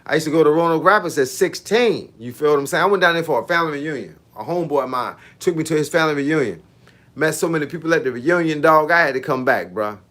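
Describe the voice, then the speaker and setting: A man's voice: fairly high pitch, animated, fast, fairly bright tone. A man, a fitness coach chatting casually with viewers on a livestream in laid-back, slangy banter. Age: 50s.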